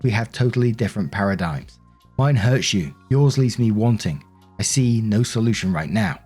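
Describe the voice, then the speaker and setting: A man's voice: on the low side, animated, moderate pace, darkish tone, breathy edge, faint music behind. A man reading the lines of a wounded, accusing wife in his own voice while narrating a Reddit story. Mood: hurt. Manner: bitter, reproachful, pleading.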